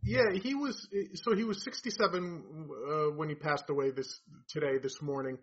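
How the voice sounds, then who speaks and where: A man's voice: a little high, moderate pace, breathy edge. A man with a New York accent, a podcast guest telling stories in casual conversation. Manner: storytelling, explaining. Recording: dull lo-fi sound.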